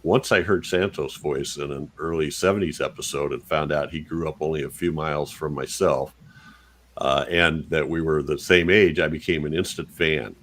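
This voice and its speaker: Deep-voiced man reading listener mail. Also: steady tone, normal speed, fairly bright tone. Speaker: podcast co-host reading listener feedback. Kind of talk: casual podcast chat.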